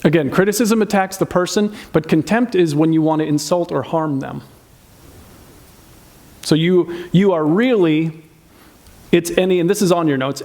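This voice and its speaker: A man's voice: fairly high pitch, darkish tone. A man preaching a sermon in a conversational way, asking the audience questions and acting out insulting quotes. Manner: acts out insulting quotes in changed voices. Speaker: pastor.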